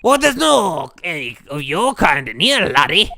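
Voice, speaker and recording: A man voicing a gruff, blustering Scottish prison governor with a put-on Scottish accent, reading game dialogue aloud. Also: on the high side, very animated, unhurried, pushed and bright, slight background noise, heavily acted.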